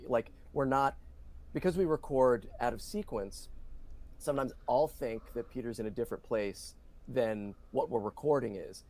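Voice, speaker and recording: A man's voice: medium pitch, normal speed, a little mellow. A middle-aged man, a voice actor, answering interview questions in an earnest, talkative way. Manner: earnest, talkative, full of "you know" fillers. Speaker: voice actor guest.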